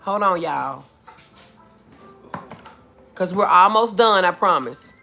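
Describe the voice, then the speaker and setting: A woman's voice: on the low side, animated, takes it slowly, gravelly, sharp tone, soft background music. A woman hosting a casual home livestream, chatting with viewers, laughing often and calling them y'all and baby. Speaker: livestream host.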